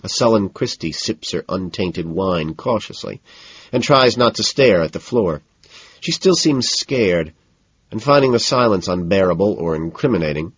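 Deep, husky man narrating detachedly. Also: no room sound. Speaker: audiobook narrator. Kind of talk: first-person novel narration. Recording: slightly muffled audio.

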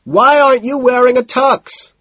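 A man voicing a smug young male party fixer who shouts over loud club music. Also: very high-pitched, steady tone, normal speed, no room sound, lo-fi sound, voice pushed up. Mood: smug shouting.

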